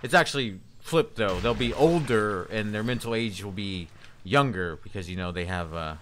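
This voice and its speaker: A man's voice: lowish voice, moderate pace, slight background noise. A man streaming a video game, chatting casually with viewers in a hesitant, rambling way. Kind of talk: casual live-stream chat.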